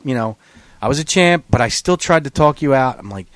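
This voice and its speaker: A man's voice: mid-range voice, expressive, brisk, dry recording. A man co-hosting a podcast, talking bluntly and teasing his friend, with plenty of swearing. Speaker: podcast co-host. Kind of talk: casual banter.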